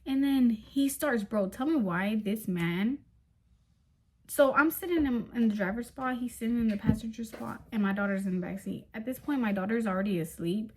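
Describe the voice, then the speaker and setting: A young adult woman telling a story in a casual vlog, animated and emphatic, full of slang fillers. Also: a little high, moderate pace, slight background noise.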